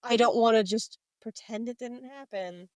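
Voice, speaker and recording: Woman podcaster gushing about a book, lively retelling, dry close sound. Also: on the high side, normal speed, dry recording, rough recording. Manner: animated, retells scenes with quoted lines and laughs. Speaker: podcast co-host. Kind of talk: casual book discussion.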